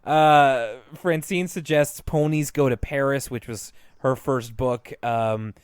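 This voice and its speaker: A man co-hosting a podcast in casual chat, retelling cartoon scenes in an animated way, with lots of fillers and laughs. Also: mid-range voice, slow, clean tone, no echo. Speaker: podcast co-host.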